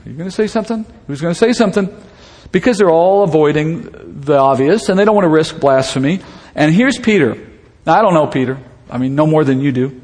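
A man preaching a sermon, his voice sitting a little high. He talks in an easy, conversational way and retells the story vividly, checking in with his listeners through rhetorical questions. His words ring out with a long hall reverb. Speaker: pastor.

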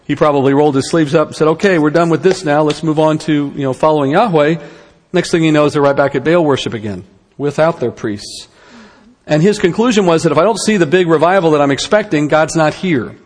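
Guy teaching a bible lesson, kinda high voice, chatty with dry little jokes, lots of hall reverb. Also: a little fast. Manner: conversational teaching with rhetorical questions and wry asides.

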